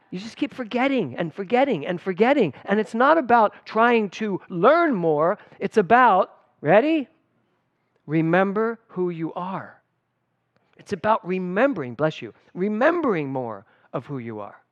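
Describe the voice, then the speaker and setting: A middle-aged man, a spiritual director, giving a conversational sermon at a church service, telling personal stories with lively emphasis. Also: sits high, normal speed, no echo, highs cut off. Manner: animated and personal, storytelling with emphatic swings.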